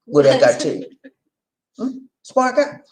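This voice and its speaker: A man's voice: sits high, unhurried. A man from Charleston, South Carolina with a Gullah Geechee accent, hosting a casual live stream and reading viewer comments aloud. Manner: animated, laughing, reads chat aloud. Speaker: channel host.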